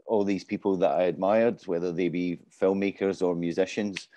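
Low, mellow-voiced man on a panel. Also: fairly even intonation, normal speed. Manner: modest, self-deprecating. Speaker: panelist, business development lead. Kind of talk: casual panel talk.

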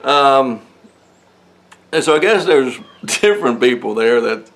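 A man's voice: mid-range voice, expressive, unhurried, fairly bright tone. A man preaching in church, reading Bible verses aloud and explaining them in a loose, conversational way with frequent chuckles and fillers. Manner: conversational, chuckles often, many fillers and restarts. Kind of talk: casual sermon with Bible reading. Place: church sanctuary.

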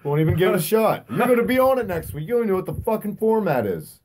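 Hoarse, bickering male podcast host. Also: high voice, sing-song, racing, a little mellow. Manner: bickering, profane, exasperated. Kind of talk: casual chat.

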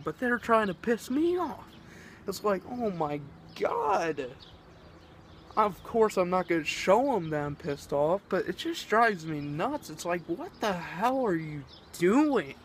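A man's voice: high voice, slight background noise. A teenage boy vlogging, rambling and exasperated as he rants, swearing often. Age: teens. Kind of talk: ranting vlog.

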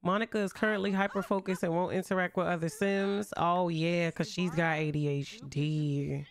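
A woman's voice: on the low side, steady tone, normal speed. A young woman streaming a life-simulation game, chatting in slang and talking to her characters as she plays. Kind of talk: casual game commentary.

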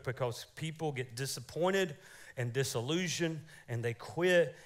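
A man preaching a lively, joking sermon in church as pastor, calling out for amens. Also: medium pitch. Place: church sanctuary.

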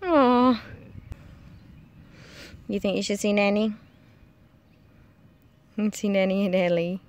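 A woman's voice: medium pitch, slow pace. A woman chatting to her dogs in a playful, cooing baby-talk voice in a casual vlog. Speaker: dog owner vlogger.

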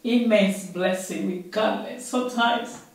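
A middle-aged woman speaks as a mother to her grown children, warm, emphatic and heartfelt. Her voice is mid-pitched and comes from far off in a strongly echoing room. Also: measured pace. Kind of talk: heartfelt family chat.

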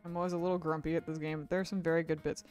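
Racing along with little pitch movement, a medium-pitched, darkish voice carries casual gameplay chatter over faint background music. The streamer is tired after a long day, rambling, restarting frequently and apologizing for tripping over words.

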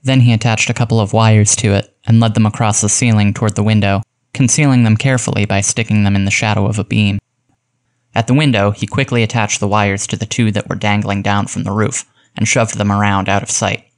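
Low-voiced male audiobook narrator. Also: little pitch movement. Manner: measured storytelling.

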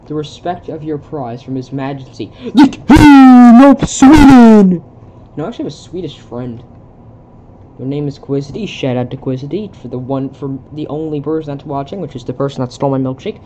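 A video creator, a young adult with a medium-pitched, warm voice, casually reads a film script aloud, stage directions included. They stumble over words and break off to comment in bewilderment. There's a little hiss or hum on the recording.

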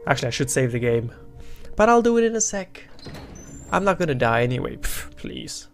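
A man giving profane, excitable let's play commentary as a gaming channel host, talking back to the characters. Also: mid-range voice, brisk, faint music behind.

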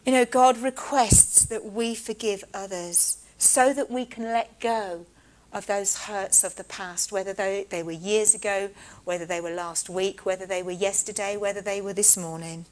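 A woman delivering a church sermon at a medium pitch. Her pace is deliberate, and she slows sharply to weigh important words. Casual asides soften her teaching. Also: fairly even intonation, rough recording. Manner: measured, slows to stress key words. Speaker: preacher.

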